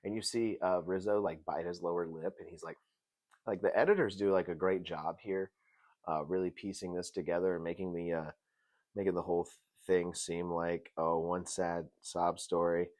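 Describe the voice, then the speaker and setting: A man hosting a casual TV review show, animated and jokey, swinging between loud bursts and mutters. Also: low-pitched, normal speed. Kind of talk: casual commentary.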